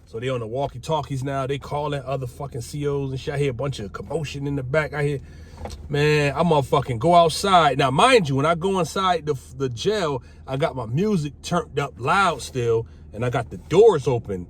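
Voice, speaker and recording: A middle-aged man casually telling a personal story, animated and profane. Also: mid-range voice, normal speed. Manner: animated, profane, acts out quoted voices. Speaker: vlogger telling his life story. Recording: faint background noise.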